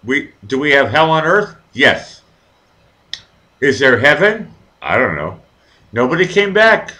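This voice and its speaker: Man, live show host, rambling and profane, lively up-and-down pitch, bright edgy tone. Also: measured pace, low-quality recording. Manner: rambling, profane, animated storytelling. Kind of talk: casual live chat.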